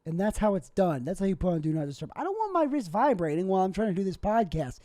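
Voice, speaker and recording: A man's voice: high voice, sing-song, fast talker, hardly any pauses, mellow, dry recording, clean studio sound. A young man, a stand-up comic, hosting a solo podcast in a rambling, self-deprecating way. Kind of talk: casual solo podcast monologue.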